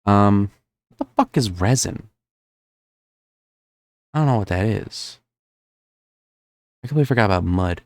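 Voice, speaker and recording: Low-voiced New Jersey streamer thinking aloud. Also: male voice, expressive, a little slow, pauses often, no echo, clean studio sound. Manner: rambling, thinking aloud with frequent fillers. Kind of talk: live-stream gameplay commentary.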